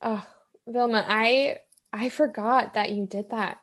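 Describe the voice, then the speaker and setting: A woman's voice: fairly high pitch, fairly even intonation, takes it slowly. Tearful woman host, affirming. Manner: warm, affirming, emotional, many soft backchannels. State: near tears. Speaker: podcast host. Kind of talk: emotional interview chat.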